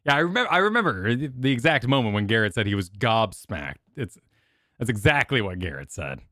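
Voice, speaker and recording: A man's voice: fairly low pitch, a little fast, no echo, studio quality. A young man chatting casually as he reacts on stream, talking in rambling bursts with lots of restarts. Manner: rambling, animated, full of restarts and filler. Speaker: streamer reacting to event videos.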